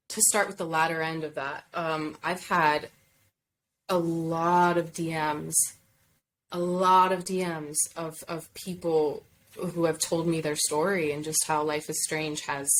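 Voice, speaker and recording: A young woman chatting as a podcast guest, bubbly and quick to laugh. Her voice sits on the low side for a woman, and she drifts into thoughtful, sincere answers. A faint hiss runs under the recording. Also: low-quality recording. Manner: bubbly, laughs often, warm reflective answers. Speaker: voice actor guest. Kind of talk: casual podcast interview.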